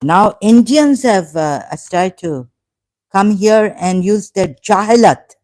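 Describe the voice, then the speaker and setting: A woman hosting a live stream, slowly and indignantly scolding commenters in the chat. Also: mid-range voice, expressive, a little mellow. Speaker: channel host answering live chat.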